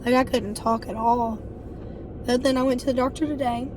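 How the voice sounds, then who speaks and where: Hoarse woman vlogging. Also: on the high side, steady tone, background noise. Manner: chatty, storytelling, quick asides. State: hoarse and winded from bronchitis. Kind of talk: casual chat to camera.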